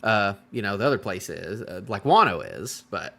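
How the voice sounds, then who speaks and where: Chatty guy reacting to a manga on stream, lively pitch, bright tone, rambly. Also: normal speed, slight background noise. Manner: animated, rambling, talks to chat. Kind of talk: casual live-stream reaction.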